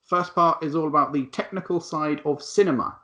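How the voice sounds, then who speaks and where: A man's voice: fairly high pitch, brisk, sharp tone. A man hosting a casual online quiz among friends, chatty as he reads out questions and scores. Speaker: quiz host.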